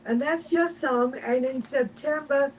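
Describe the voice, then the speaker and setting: A woman hosting the show, briskly running through the schedule of upcoming guests in a chatty way. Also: high-pitched, a little mellow, slight background noise, poor audio. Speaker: radio host.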